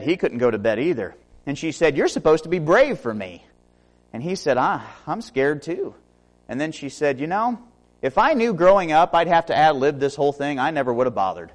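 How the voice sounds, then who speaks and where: A man in his early thirties, a preacher, delivering a sermon full of self-mocking stories and humor. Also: mid-range voice. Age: 30s.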